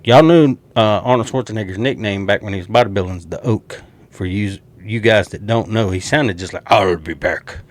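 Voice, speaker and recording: A man with a Southern accent, hosting a casual football prediction show and talking to viewers in an animated, joking way. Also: on the low side, brisk. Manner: animated, jokey, talks straight to viewers. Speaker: sports show host. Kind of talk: casual sports prediction talk.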